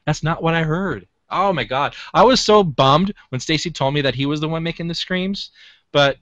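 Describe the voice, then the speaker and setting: A man in casual conversation, telling an excited, animated story. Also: fairly high pitch, normal speed, no echo, muffled recording. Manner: excitable, animated, laughs while telling stories.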